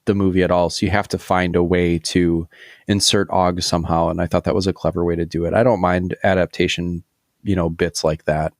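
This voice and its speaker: Deep-voiced man in rambling podcast chat. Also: level tone, brisk, no echo, clean studio sound. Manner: rambling, many fillers and restarts. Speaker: podcast co-host. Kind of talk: casual chat.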